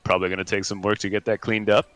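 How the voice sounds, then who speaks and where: A man's voice: fairly low pitch, flat delivery, racing, fairly bright tone, natural voice. A man voicing a hearty, jovial, self-assured male paladin in a tabletop game.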